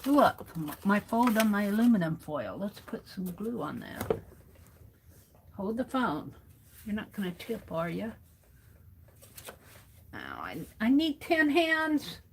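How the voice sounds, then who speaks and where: Slow, chatty American woman crafting. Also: mid-range voice, huge pitch swings, gravelly, slight background noise. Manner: chatty, talks to herself while working. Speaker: craft livestream host. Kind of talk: hands-on craft demo.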